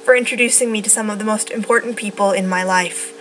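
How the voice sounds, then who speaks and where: A young woman in her late teens tells a personal story to the camera in an animated, emotional way. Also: medium pitch, fast talker, slight background noise, poor audio. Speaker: vlogger.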